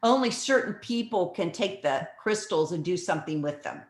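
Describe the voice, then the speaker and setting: A woman's voice: on the low side, lively intonation, moderate pace. An earnest woman speaks on a video call and tells stories in a loose, restarting way. Her voice has a roomy echo around it. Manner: earnest, storytelling, many restarts. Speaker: guest speaker. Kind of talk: casual talk on a video call.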